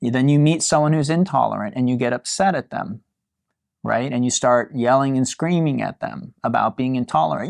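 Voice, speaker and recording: A male yoga teacher with a gravelly edge to his mid-range voice, talking through a class in a relaxed, musing way. He sounds lightly amused. The sound is dry and close, with no room echo. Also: medium pitch, normal speed.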